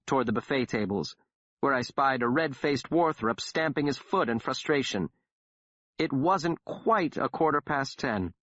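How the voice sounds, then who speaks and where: A man's voice: mid-range voice, a bit bright, no room sound. A man narrating an audiobook in the first person, telling the story wryly and dramatically. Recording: dull dry audiobook recording.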